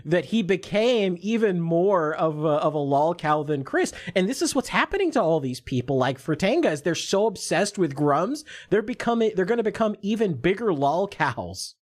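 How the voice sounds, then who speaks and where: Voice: medium pitch, sing-song, moderate pace, hardly any pauses. A podcast guest in casual chat, making opinionated points in loose run-on sentences.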